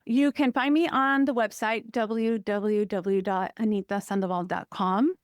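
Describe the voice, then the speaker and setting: A woman counselor, a guest on an interview podcast, telling personal stories in an expressive, emphatic way. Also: medium pitch, unhurried, dry recording. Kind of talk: personal conversational interview talk.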